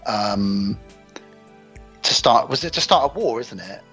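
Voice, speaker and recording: A man's voice: lowish voice, unhurried, husky, faint music behind, low-quality recording. A man hosting a casual film discussion, retelling scenes and acting out the characters' lines. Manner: animated, acts out quoted lines in character. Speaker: podcast host.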